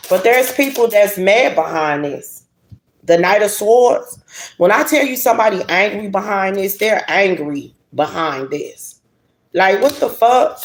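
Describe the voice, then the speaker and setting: A woman gives a casual tarot reading straight to her audience. She is blunt, profane and lively, and she laughs a lot. Her voice sits at an average pitch, in an echoey room with a faint hiss. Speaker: tarot reader. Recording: roomy echo, faint hiss.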